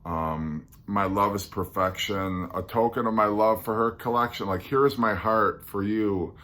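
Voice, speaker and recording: Low-voiced man musing on a podcast. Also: fairly even intonation, a little slow, sharp tone. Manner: musing, hesitant, earnest, many ums and restarts. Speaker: podcast host. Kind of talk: casual solo podcast countdown.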